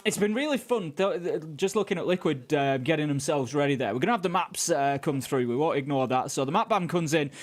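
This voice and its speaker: High-voiced Mancunian caster man. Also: brisk, hardly any pauses. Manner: chatty analytical, filler-heavy. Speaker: esports caster. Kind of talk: esports match analysis.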